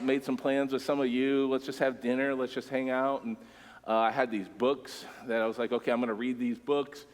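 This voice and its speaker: Relaxed joking pastor in a hall. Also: male voice, medium pitch. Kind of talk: sermon. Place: church sanctuary stage. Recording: long church-hall reverb.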